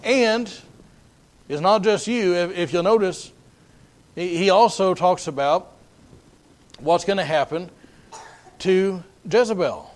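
High-voiced man preaching a folksy sermon. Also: slow pace, pauses often. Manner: folksy, conversational, storytelling with frequent restarts.

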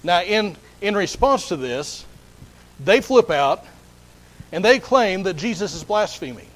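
A man's voice: high voice, big pitch swings, normal speed, a bit bright, poor audio. A man preaching a sermon, explaining a Bible passage earnestly and often repeating words as he restarts. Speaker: pastor.

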